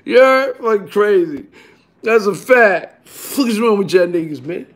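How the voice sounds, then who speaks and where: New guy with a pretty high voice, tells a wild story, swears a lot, keeps saying you heard. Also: unhurried. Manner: animated, repeats "you heard?", bursts into shouting. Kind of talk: casual profane storytelling.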